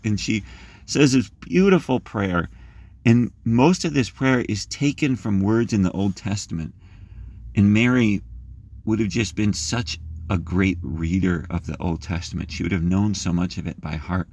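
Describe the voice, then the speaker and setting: A man leading a guided scripture meditation, gently inviting listeners to imagine the scene and rising in pitch as he reads the verses. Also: measured pace, creaky, dry recording. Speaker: prayer leader.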